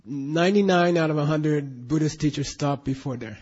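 A man's voice: fairly high pitch, normal speed, a little mellow. A man teaching a Buddhist class in an emphatic, questioning way, drilling students in recitation, on a dull lo-fi recording.

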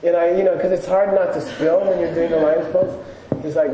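Male Buddhist teacher, slightly higher voice, mellow, conversational storyteller, distant mic, faint hiss. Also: steady tone, fairly quick, muffled recording. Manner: storytelling, loose and chatty with fillers. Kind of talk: casual lecture to a live audience. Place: room with a live audience. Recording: echoey room, distant mic, faint noise.

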